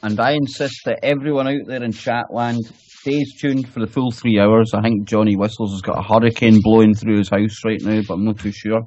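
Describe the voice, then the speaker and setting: A man's voice: fairly low pitch, steady tone, brisk, a little mellow, lo-fi sound. A Scottish man hosting a casual online radio talk show, joking and teasing his co-hosts. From Scotland. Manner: joking, teasing, laughs often. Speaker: show host.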